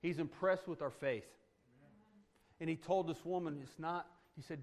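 Man preaching, loud then hushed. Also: fairly high pitch, steady tone, moderate pace. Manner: conversational preaching with frequent "right?" asides; swings between loud emphatic points and hushed, soft passages. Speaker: pastor. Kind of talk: sermon.

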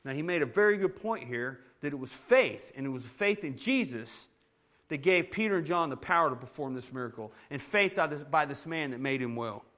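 Folksy pastor, slightly high voice. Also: male voice, fairly quick. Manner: folksy, animated, laughing through his story. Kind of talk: storytelling sermon.

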